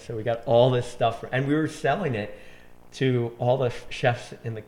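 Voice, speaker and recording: A man's voice: mid-range voice, normal speed, a little mellow. A man in his forties, a chef, telling long rambling stories in casual conversation, full of restarts and quoted dialogue.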